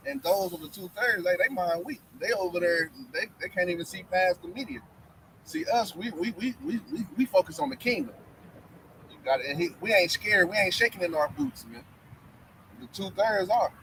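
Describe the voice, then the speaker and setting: High-voiced man reading scripture emphatically. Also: very animated, moderate pace, vocal fry, background noise. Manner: emphatic and colloquial, with repeated words. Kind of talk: casual religious discussion, reading scripture.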